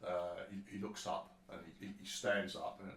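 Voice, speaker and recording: Low-voiced sweary game master. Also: male voice, level tone, moderate pace, a bit bright, slight background noise. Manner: rambling and sweary, with many restarts. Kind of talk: narrating a tabletop game. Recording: roomy sound from a distant mic with faint ambience.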